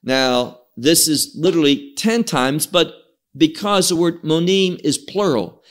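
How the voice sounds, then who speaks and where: A man leads an evening Bible study at an unhurried pace. His voice sits a little high and rises and falls with a lot of movement. He reads the verses aloud, sounds out Hebrew words and often restarts a phrase before going on. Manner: slow, lively teaching with frequent restarts and Hebrew readings. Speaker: Bible teacher.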